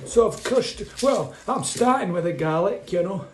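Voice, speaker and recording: High-voiced, swearing man cooking. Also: expressive, moderate pace. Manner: laughs often, swears freely, rambling and cheerful. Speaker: home cooking vlogger. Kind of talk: casual chatty cooking vlog. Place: home kitchen. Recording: roomy kitchen echo with faint noise.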